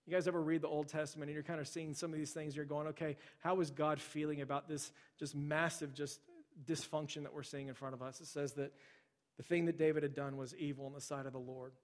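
A man preaching a sermon in a conversational way, often saying "like" and "right", and growing forceful when he quotes scripture. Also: fairly high pitch, flat delivery, fast. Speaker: pastor.

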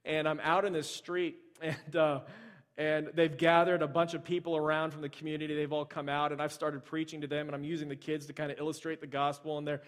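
A man's voice: on the high side, level tone, brisk. A male pastor from the United States preaching a casual, conversational sermon, telling stories with lots of fillers and restarts. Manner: storytelling, many fillers and restarts.

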